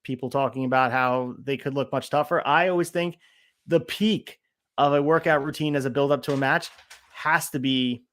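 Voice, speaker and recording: A man co-hosting a casual wrestling podcast, walking through his notes on each segment in a methodical, steady way. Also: medium pitch, moderate pace. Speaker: podcast co-host.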